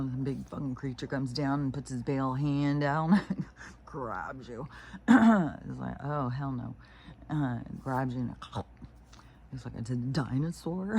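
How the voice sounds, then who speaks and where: A woman with a gravelly, creaky edge talks to the camera from home in the early hours. Her tone is dark and mellow, and she rambles loosely from thought to thought, swearing freely as she goes. A faint hiss sits under the recording. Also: extremely low pitch. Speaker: spiritual vlogger. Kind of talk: casual rambling monologue.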